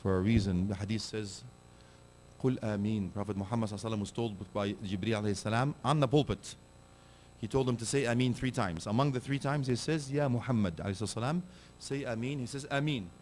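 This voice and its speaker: A man preaching a sermon, animated and direct, asking his listeners pointed rhetorical questions. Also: fairly low pitch, quick pace, a little hiss or hum.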